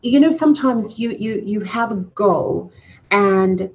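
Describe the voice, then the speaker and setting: A woman's voice: medium pitch, takes it slowly, darkish tone. Woman, island accent with British hints, gracious guest, thoughtful, dull lo-fi sound. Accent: Caribbean island English with British influence. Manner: gracious, thoughtful, hesitant starts. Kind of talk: casual interview chat. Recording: dull lo-fi audio.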